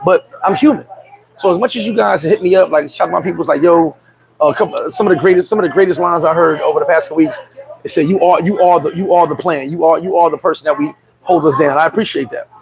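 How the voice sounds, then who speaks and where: His voice runs a little high and fast, with vocal fry, as this middle-aged man tells a candid story of his own on his vlog. The delivery is streetwise, full of restarts, repetition, and frequent "you know what I'm saying." It's a rough recording, with loud crowd chatter in the background.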